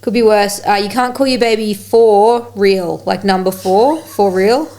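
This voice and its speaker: A woman's voice: mid-range voice, a little slow, mellow. A young Australian woman hosting a podcast in loose, giggly casual chat, swearing freely. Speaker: podcast host.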